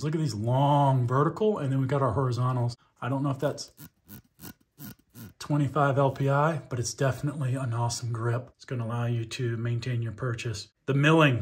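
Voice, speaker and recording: A man giving an enthusiastic hands-on review of a pistol, talking conversationally as he points out its features. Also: medium pitch. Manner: enthusiastic, conversational, shows details up close. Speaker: firearms reviewer.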